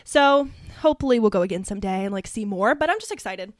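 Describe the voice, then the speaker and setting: A woman's voice: medium pitch, animated, quick pace, dry recording, clean studio sound. A young woman from Ohio co-hosting a podcast, chatting in a bubbly, chatty way with lots of fillers. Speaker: podcast co-host. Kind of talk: casual chat.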